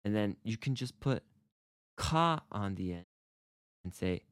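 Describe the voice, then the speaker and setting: A man's voice: fairly low pitch, animated, a little slow, smooth, no echo, clean studio sound. A man co-hosting a casual Japanese lesson podcast, explaining in a playful, upbeat way. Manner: upbeat, playful explaining with acted example phrases. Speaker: co-host teaching Japanese.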